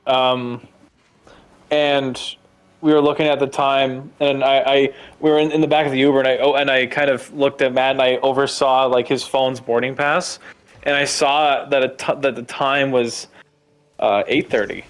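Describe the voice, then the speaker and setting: A man telling a story in casual gaming chat, animated, swearing and laughing often. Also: mid-range voice, normal speed, clear, resonant tone.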